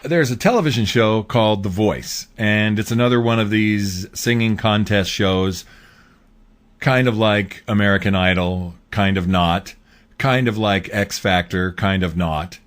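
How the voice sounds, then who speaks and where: A man's voice: on the low side, measured pace. A man hosting his own show, talking through a political commentary monologue in a casual, rambling way with fillers. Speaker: host.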